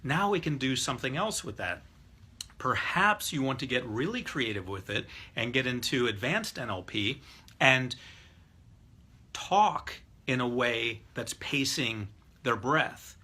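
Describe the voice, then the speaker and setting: Man, middle-aged, NLP instructor, bright edge to the voice, slightly husky, explanatory lecture. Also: medium pitch, lively intonation, unhurried. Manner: explanatory, demonstrates voices and breathing aloud. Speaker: hypnotist teaching NLP. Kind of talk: lecture to a live class.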